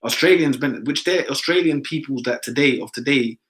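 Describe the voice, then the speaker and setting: A man's voice: medium pitch, a little fast, a bit bright, low-quality recording. A man in casual discussion, talking emphatically and ending many phrases with "man".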